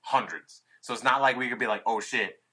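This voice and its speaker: Swearing, animated young man telling a story. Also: mid-range voice, brisk, breathy edge, poor audio. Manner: profane, animated, acts out his own past lines. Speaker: podcast guest, touring musician. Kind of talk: casual storytelling chat.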